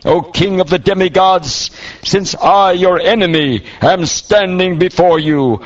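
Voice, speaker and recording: Man voicing a high-pitched scornful demon warrior. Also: measured pace. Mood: defiant. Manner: scornful, declamatory. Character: furious vengeful male demon warrior. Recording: dull lo-fi audio.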